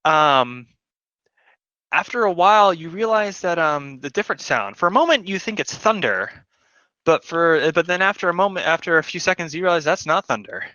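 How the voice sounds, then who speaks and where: A man's voice: fairly high pitch, sing-song, moderate pace, bright, forceful tone, dry recording, lo-fi sound. A man narrating a tabletop game as game master, in a rambling way full of fillers.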